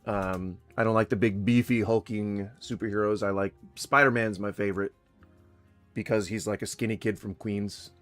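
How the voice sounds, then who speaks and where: A man's voice: on the low side, steady tone, moderate pace, no echo, faint music behind. A man giving casual reaction commentary in a sarcastic, rambling, mocking manner.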